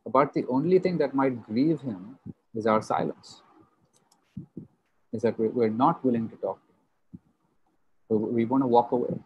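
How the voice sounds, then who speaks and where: A man preaching a sermon in a conversational way, often restarting his sentences and pausing on filler sounds. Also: mid-range voice, husky, lo-fi sound. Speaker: pastor. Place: church service held over video call.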